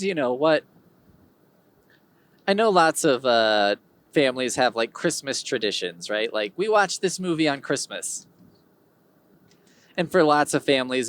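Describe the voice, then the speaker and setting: A man's voice: medium pitch, a bit bright. A man hosting his own podcast, talking in a rambling, digressive way with wry humor. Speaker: podcast host. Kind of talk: casual solo podcast monologue.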